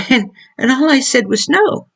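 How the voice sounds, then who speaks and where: An older woman talks earnestly about raising children, returning again and again to the same points. Her voice is gravelly and husky, with a frayed edge. She speaks in the informal, preachy manner of a Christian teaching monologue. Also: medium pitch, animated, unhurried. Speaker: mother giving parenting advice.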